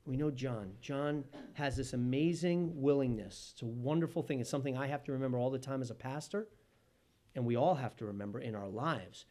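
A man preaching a sermon as pastor, animated, swinging between loud emphasis and hushed tones. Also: mid-range voice, brisk.

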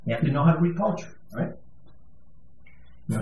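A fairly high-voiced man preaches a sermon in a loose, conversational way that swells into emphatic moments. He is picked up from some distance in a roomy, echoing space. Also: animated, fairly quick, darkish tone. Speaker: pastor. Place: church sanctuary. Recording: echoey room, voice from a distance.

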